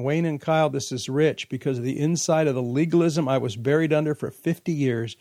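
A man's voice: fairly high pitch, darkish tone, no echo, studio quality. Earnest man hosting a faith podcast. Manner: reads listener emails aloud, reflective and earnest. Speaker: podcast host. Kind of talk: casual podcast conversation.

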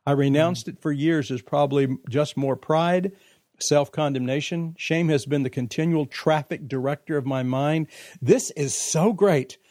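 Male podcast host, somewhat high voice, earnest and reflective, reads emails aloud, dry close mic. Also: unhurried, a little mellow, no echo. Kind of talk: casual podcast conversation.

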